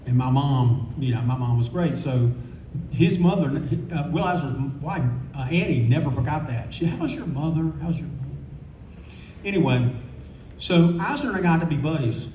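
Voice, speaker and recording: Older male panelist, rambling raconteur, warm low-key tone, faint room hum behind. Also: lively intonation, normal speed, far from the mic. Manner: rambling, candid, swears freely. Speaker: convention panelist. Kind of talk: casual anecdotal storytelling. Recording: echoey room recording from afar.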